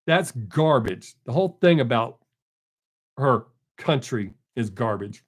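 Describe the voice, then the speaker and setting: A man's voice: mid-range voice, lively intonation, slow pace, husky. An older man hosting a live stream, in casual folksy chat, joking and greeting viewers from the chat by name.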